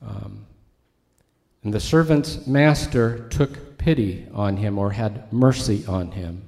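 Man, pastor, sermon, conversational teaching, warm mellow voice. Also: on the low side, slow, gravelly. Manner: conversational teaching, asides to the congregation.

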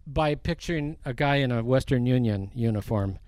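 With no echo in the recording, a man's mid-range, darkish voice carries a verse-by-verse sermon. The preacher is slow and deliberate, reading scripture aloud and pushing harder on the quoted lines.

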